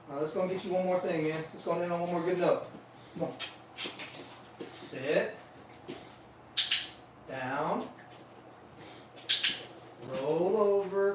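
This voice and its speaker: Chill slangy dude training dogs, kinda high voice, far from mic, noisy echoey room. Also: male voice, normal speed, pauses often. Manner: laid-back slangy banter, talks to dogs. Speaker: dog trainer. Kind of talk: live-streamed training session chat.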